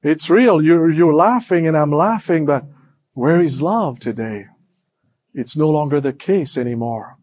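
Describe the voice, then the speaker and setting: High-voiced, slow-preaching male pastor. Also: expressive. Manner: preaches with call-and-response questions to the congregation; swings between hushed low lines and raised emphatic ones. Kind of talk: sermon.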